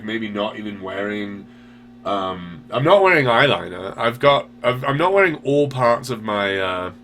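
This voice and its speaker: A man's voice: lowish voice, fairly bright tone. A man hosting a show, answering viewer questions in a rambling, profane, self-deprecating way. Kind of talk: casual chat.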